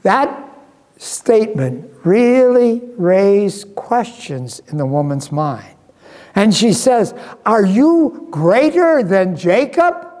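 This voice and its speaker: A male pastor preaching slowly and earnestly, his fairly high voice carried by a long church reverb. He leans on rhetorical questions to draw the congregation in. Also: warm tone. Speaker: guest pastor. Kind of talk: sermon. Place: church sanctuary.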